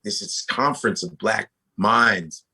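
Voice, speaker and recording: A comedian talking casually as a guest, animated and profane, often restarting his sentences. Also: fairly low pitch, a little slow, breathy edge. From United States. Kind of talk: casual podcast conversation.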